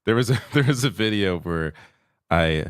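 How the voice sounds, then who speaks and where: A man with a low, deep voice reads viewer donations on a livestream, recorded dry and close with no room sound. He sounds laid-back, chuckles often, and lets his sentences trail off. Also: animated, moderate pace, smooth, dry recording. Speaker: co-host reading donations. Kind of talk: casual livestream chat.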